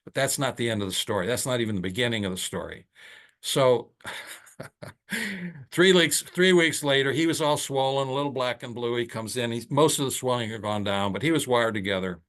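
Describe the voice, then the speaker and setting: Older man telling a lively story. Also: fast talker. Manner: animated storyteller who acts out quotes with rising pitch. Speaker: oral surgeon and podcast host. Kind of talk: storytelling monologue.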